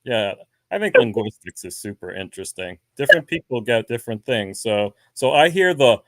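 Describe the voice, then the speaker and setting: A man with a New Jersey accent tells stories in a casual chat and acts out the voices of the people in them. His voice sits at a middle pitch. The sound is dry and close. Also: normal speed, dry recording. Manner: animated storyteller, acts out quoted voices. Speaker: guest beekeeper.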